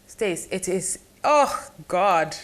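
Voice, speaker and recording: A woman's voice: lowish voice, drawn-out words. A Ghanaian woman, a guest chatting in an interview, telling stories and acting out the voices of people in them. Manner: animated storyteller acting out quoted voices. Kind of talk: casual interview chat.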